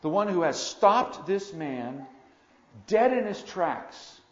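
A man preaching a sermon in an earnest way, with loud emphatic moments and quiet asides. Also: high-pitched, sing-song, takes it slowly. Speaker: pastor. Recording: echoey room, dull lo-fi sound.

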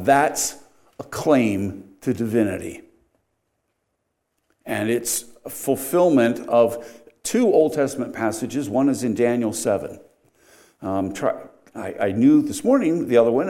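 Animated, emphatic male preacher. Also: mid-range voice, unhurried. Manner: animated, emphatic, voice rising and dropping sharply. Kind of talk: expository sermon.

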